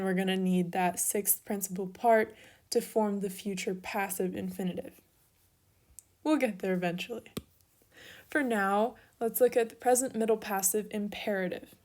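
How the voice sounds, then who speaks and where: A woman's voice: mid-range voice, a little mellow. A young woman giving a recorded grammar lesson, explaining each step patiently while she writes out examples. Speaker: teacher.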